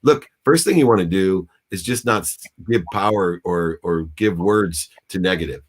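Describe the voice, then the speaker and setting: A man's voice: low-pitched, normal speed. Intense man telling a story. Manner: intense, preachy, acts out shouting in quotes. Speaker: guest, business coach and speaker. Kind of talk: animated storytelling in a talk interview.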